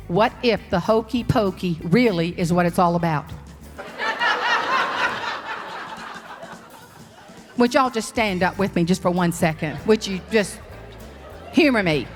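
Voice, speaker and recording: Sassy Southern woman telling a lively story. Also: mid-range voice. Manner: sassy, animated storyteller who acts out quotes. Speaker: professional speaker. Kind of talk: storytelling keynote speech. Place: large hall before an audience. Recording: live stage talk in a reverberant hall.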